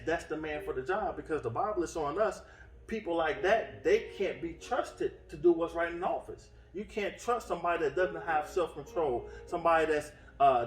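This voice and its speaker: A man preaching a sermon in an earnest way, often restarting his phrases, heard from some distance in a roomy space with faint music behind. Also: fairly high pitch. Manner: earnest, with frequent restarts and fillers. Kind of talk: sermon teaching. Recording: roomy echo from off-mic.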